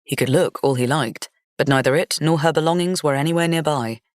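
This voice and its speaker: A woman narrating a gothic fantasy romance audiobook in an even, measured storytelling manner. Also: deep voice, no echo, clean studio sound.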